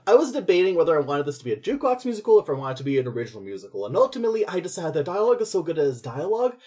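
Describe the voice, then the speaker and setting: A man co-hosting a podcast, chatting casually and laughing as he pitches ideas. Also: very animated, rapid-fire, warm tone, husky. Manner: chatty, laughing, acts out quoted lines. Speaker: podcast co-host.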